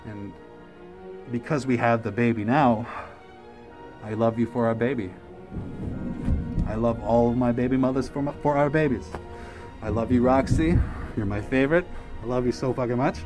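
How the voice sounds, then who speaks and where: A man talking in a rambling, emotional personal monologue, full of fillers and swearing. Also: medium pitch. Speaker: musician vlogger.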